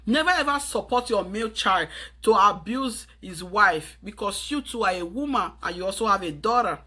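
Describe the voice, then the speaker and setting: A woman's voice: medium pitch, expressive, normal speed, pushed and bright, breathy edge. A Nigerian woman lecturing her viewers in an urgent, preachy tone, slipping into pidgin phrases. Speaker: vlogger giving advice. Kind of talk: earnest advice monologue to camera.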